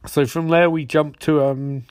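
A man's voice: on the high side, steady tone, a little slow, a little mellow, clean tone, no room sound, clean studio sound. A man giving a rambling, sarcastic, profane comedic episode recap.

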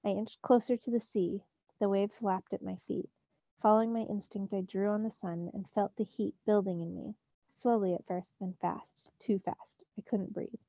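A woman's voice: mid-range voice, steady tone, normal speed, mellow, no room sound, highs cut off. A teacher reading a novel aloud to her students, narrating expressively in the first person. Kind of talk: storybook read-aloud.

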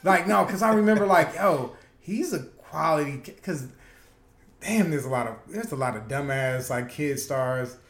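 A man co-hosting a podcast in casual banter, swearing freely, laughing often and telling stories with animated quoted voices. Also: fairly high pitch, moderate pace. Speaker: podcast co-host. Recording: echoey room.

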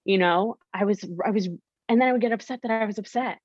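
A woman's voice: mid-range voice, fairly quick, darkish tone, husky, no room sound, highs cut off. A young woman, a podcast guest, candidly telling her story and acting out her past self in quoted lines.

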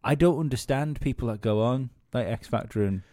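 A man's voice: mid-range voice, brisk, mellow, no echo. A man co-hosting a podcast in casual comic chat, swearing freely and often restarting his sentences. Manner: sweary, hesitant restarts, dry humour. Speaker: podcast co-host.

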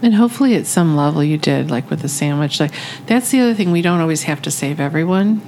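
Gravelly woman host asking questions. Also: low-pitched, lively intonation, fast talker, warm tone, slight background noise, poor audio. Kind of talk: faith discussion chat.

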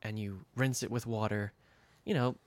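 A man, a farmer guest on a podcast, explaining eagerly with some halting restarts. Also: lowish voice, fairly even intonation. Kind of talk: casual podcast chat.

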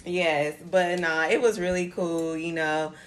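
A woman's voice: lowish voice, level tone, unhurried. A woman co-hosting a podcast, telling a story in laid-back, slangy, profane casual chat. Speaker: podcast co-host.

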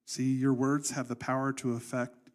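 A man preaching a sermon in an animated, conversational storytelling way. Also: medium pitch, moderate pace. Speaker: pastor.

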